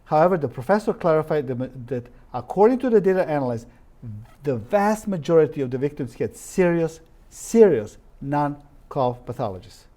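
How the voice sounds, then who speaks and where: A man's voice: on the high side, animated, normal speed, dark tone. Emphatic man lecturing from slides. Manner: reads quotes aloud, stresses words, drops articles. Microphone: live-stream recording.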